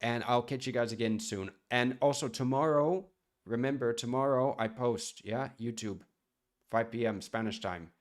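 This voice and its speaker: A man's voice: mid-range voice, normal speed. A man from the United States, a chef chatting casually on a live stream and answering viewer questions in a rambling way.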